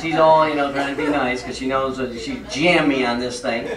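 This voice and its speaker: A man's voice: medium pitch, steady tone, moderate pace, crowd noise. A man telling comic stories on stage to a live audience, acting out the dialogue with shifting voices. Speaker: comedic speaker. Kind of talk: storytelling stand-up on stage. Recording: echoey hall, mic at a distance, loud audience.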